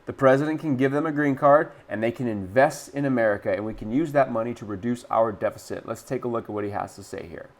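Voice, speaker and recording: A man's voice: mid-range voice, fast talker, few pauses. A man hosts a casual online news commentary, upbeat and eager as he sets up clips. He chuckles often and talks in an easy, conversational way. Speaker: political commentator.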